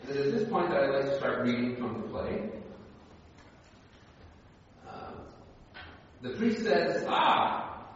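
A man preaching a sermon, deliberate and emphatic, stressing key words. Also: mid-range voice, expressive, a little hiss or hum. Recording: echoey hall, distant, dull sound.

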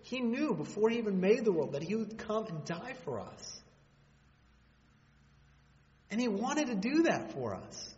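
A man preaching a sermon in a relaxed, conversational way, with humorous asides and rhetorical questions. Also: sits high, unhurried, pauses often. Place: church hall. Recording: dull sound with long hall reverb.

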